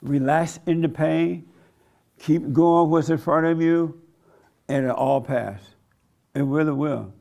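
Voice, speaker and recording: A man's voice: a little high, slow, creaky, pauses often, dark tone. A man preaching an informal sermon, blunt and conversational, with a folksy way of telling stories. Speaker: preacher and host.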